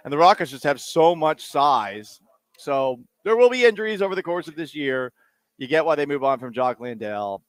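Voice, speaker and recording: A male sports talk host rattles on in a loose, joking way, full of side comments. His voice sits at an average pitch and the sound is dry and close, with no room around it. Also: no room sound. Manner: animated, joking, rambling asides. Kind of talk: casual sports talk radio. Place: radio booth on location.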